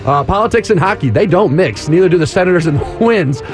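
Brief: male sports radio co-host, slightly high voice, jokey rapid score rundown, music bed under him. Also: animated. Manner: punny rapid-fire score rundown with laughs. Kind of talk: hyped sports radio banter.

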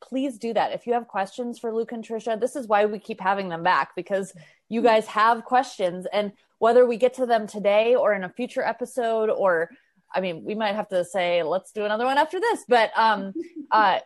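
A woman's voice: medium pitch, moderate pace, no echo. A woman hosting a podcast, affirming her guests and speaking directly to listeners. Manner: affirming, friendly, addresses listeners. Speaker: podcast host.

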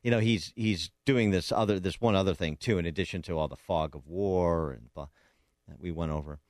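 A man's voice: low voice, fairly quick, a little mellow, no room sound, clean studio sound. A man hosting a political talk radio show, speaking emphatically and combatively with frequent restarts.

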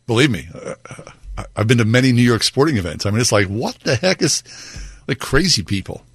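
A man co-hosting a radio show, chatting casually with wry, drawn-out agreement. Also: medium pitch, big pitch swings, slightly rough, no echo. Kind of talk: casual chat.

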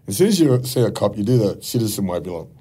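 Middle-aged Aussie man, gravel-free but husky, unhurried swearing storyteller, mellow tone. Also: on the low side, sing-song. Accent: Australian. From Australia. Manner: rambling, profane anecdotes with frequent laughs. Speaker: podcast guest. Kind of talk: casual storytelling.

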